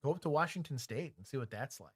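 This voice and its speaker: A middle-aged former police officer with a Texan accent, co-hosting a casual livestream chat in a candid, joking way. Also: male voice, medium pitch, animated, fast talker, husky, no echo. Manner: candid, joking, talks things through aloud.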